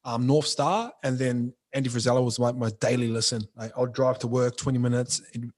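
A man's voice: medium pitch, steady tone, a little fast, darkish tone. A young man talks as a podcast guest about running his clothing brand. His speech is loose and slangy, packed with fillers. He is frank and unpolished in manner. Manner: slangy, frank, says bro and like often. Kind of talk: casual podcast interview.

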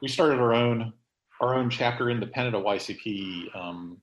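A man's voice: mid-range voice, normal speed, roomy sound, lo-fi sound. A man hosting a podcast in casual chat, rambling with many fillers and restarts. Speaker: podcast host.

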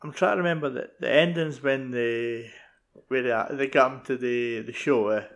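A man's voice: medium pitch, normal speed, lo-fi sound. A man in casual film chat, mostly giving brief agreeing replies.

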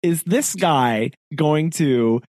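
A man's voice: a little high, expressive, extremely slow, a little mellow, no room sound. A man tells a story on a casual podcast, his voice rising and falling freely. He laughs often and acts out the people he talks about. The sound is close and dry. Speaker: podcast co-host.

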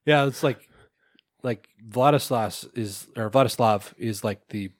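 A man co-hosting a podcast, chatting casually about films, swearing freely, laughing often and filling pauses with "like" and "um". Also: mid-range voice, no echo, studio quality. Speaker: podcast co-host. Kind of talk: casual film chat.

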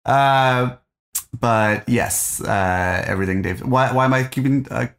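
A man with a gravelly, fry-laden voice rambles through his opinions on a film. He swears now and then and pokes fun at himself as he goes. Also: mid-range voice, measured pace, fairly bright tone. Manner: rambling, swearing, self-mocking. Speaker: podcast co-host. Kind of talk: casual film discussion.

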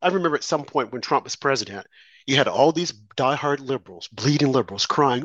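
Indignant man ranting, lively pitch. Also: brisk, no room sound, highs cut off. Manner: indignant, sarcastic, rising to shouts. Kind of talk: heated political commentary.

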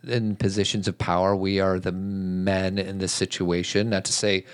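Low-voiced guy, earnest casual chat, slows down to make a point. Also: little pitch movement, clean tone. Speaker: podcast co-host.

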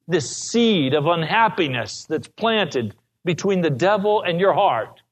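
A male pastor preaching a sermon, telling stories from his ministry in an earnest way. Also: high voice.

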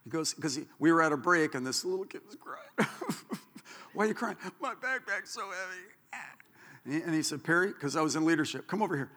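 A man's voice: on the high side, fast, few pauses. A man preaching a sermon as pastor, telling stories with joking asides. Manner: animated storytelling, joking asides. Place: church sanctuary. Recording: church hall reverb.

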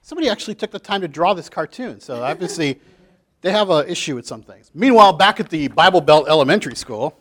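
A man leading a Bible study group in a chatty, animated way, full of filler "like"s, as he reads comics aloud. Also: on the high side, quick pace. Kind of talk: casual group talk, reading comics aloud.

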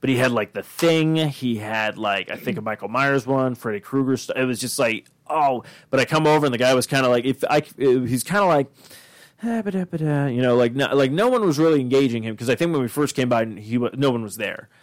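A man's voice: medium pitch, fairly quick, hardly any pauses, no room sound. A podcast host, a man, telling a rambling casual story full of fillers and restarts, acting out the quoted lines. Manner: acts out quoted dialogue.

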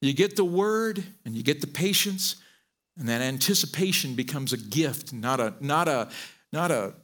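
A middle-aged man preaching a sermon, animated and joking, often repeating his words as he goes. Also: a little high. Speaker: pastor.

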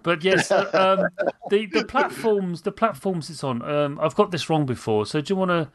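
A man's voice: high voice, normal speed. A man hosting a podcast interview, chatting casually and enthusiastically with self-deprecating asides. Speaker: podcast host.

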